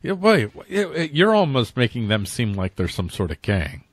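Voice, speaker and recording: A male co-host in casual political chat, animated and jokey, often slipping into mock voices. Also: mid-range voice, normal speed, breathy edge, no room sound.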